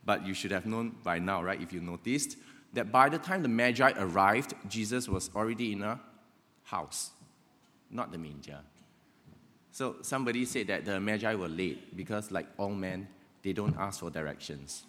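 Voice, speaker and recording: Low-voiced pastor preaching. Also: male voice, animated, normal speed, fairly bright tone. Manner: conversational, with frequent "right?" check-ins. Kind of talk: sermon. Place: church hall. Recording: long reverb of a church hall.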